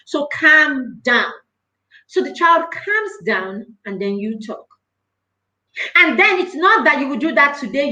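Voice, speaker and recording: A woman's voice: high-pitched, sharp tone. A woman, a parenting coach giving an earnest, emphatic live talk and repeating phrases for stress. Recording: echoey room.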